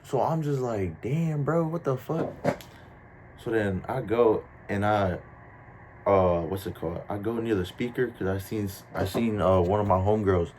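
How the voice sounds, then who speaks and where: A man's voice: fairly low pitch, normal speed, a little hiss or hum. Slangy young man telling a story. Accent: New Jersey. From New Jersey. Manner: slangy, animated, quotes voices for the story. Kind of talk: casual storytime.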